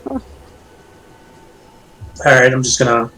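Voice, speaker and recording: A man playing a tabletop game, announcing his actions in a drawn-out way. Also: mid-range voice, fairly even intonation, sharp tone, low-quality recording. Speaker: player. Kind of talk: casual tabletop game talk.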